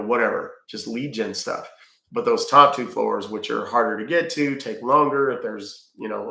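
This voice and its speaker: Man, gravelly low voice, roomy echo, casual livestream chat with viewers. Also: sharp tone. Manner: chatty, answers viewer questions with fillers. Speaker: livestream host reading chat.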